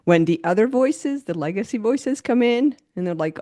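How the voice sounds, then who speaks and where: A woman's voice: fairly high pitch, expressive, a little fast, few pauses, mellow, dry recording, clean studio sound. A woman hosting a podcast, chatting casually and laughing often. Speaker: podcast host.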